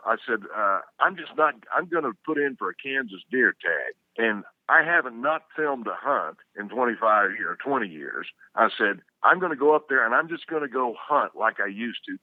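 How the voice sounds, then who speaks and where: A man's voice: mid-range voice, dry recording. Folksy older man on a tinny line. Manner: folksy, restarts a lot. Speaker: guest, outdoor TV hunter. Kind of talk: rambling storytelling. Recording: dry, tinny phone-like sound.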